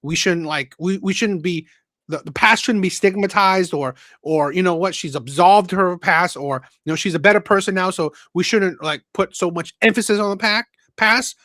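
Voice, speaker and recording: A man's voice: sits high, moderate pace, pushed and bright, no room sound. A man hosting a call-in show, talking in a rambling way, repeating words and checking in with "right?". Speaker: host. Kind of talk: casual call-in commentary.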